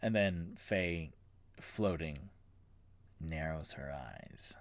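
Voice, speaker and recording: A man narrating a tabletop game as dungeon master and solo player, telling the story in an animated way. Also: low-pitched, unhurried, dry recording.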